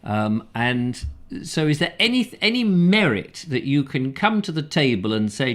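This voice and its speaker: Casting: chatty English show host, very lively pitch, jokey asides. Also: male voice, measured pace, few pauses. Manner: jokey, rambling, reading out viewer comments. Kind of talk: live comic chat show.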